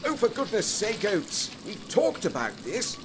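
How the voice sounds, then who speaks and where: A man's voice: sits high, wildly swooping pitch, unhurried, background noise, heavily acted. A man playing a pompous, easily offended polar expedition captain in a comic history sketch. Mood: exasperated. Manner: indignant, stiff-upper-lip bluster.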